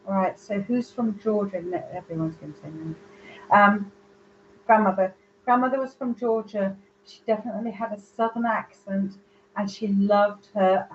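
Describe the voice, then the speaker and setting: Rambling woman medium on a live stream, a little muffled, soft background hum. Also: medium pitch. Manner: chatty, rambling, searching for words. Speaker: psychic medium. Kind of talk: live online reading.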